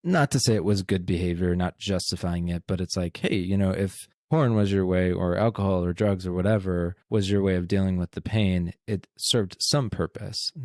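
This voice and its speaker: A man's voice: low voice, normal speed, few pauses, a little mellow, no echo, studio quality. A man hosting a podcast, affirming his guest enthusiastically in casual interview chat. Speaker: podcast host.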